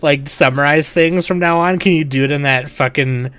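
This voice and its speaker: A man's voice: a little high, normal speed, a bit bright, clear, resonant tone, no room sound. A man co-hosting a casual podcast chat, teasing his friend and swearing casually. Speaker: podcast co-host.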